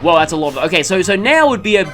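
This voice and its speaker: A man talks through a game session in a loose, rambling way, full of ums and second thoughts. His pitch swings up and down with lively energy. Soft game music plays faintly behind him. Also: racing. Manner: rambling, with many ums and mid-sentence self-corrections. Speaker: let's play commentator. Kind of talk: casual gameplay commentary.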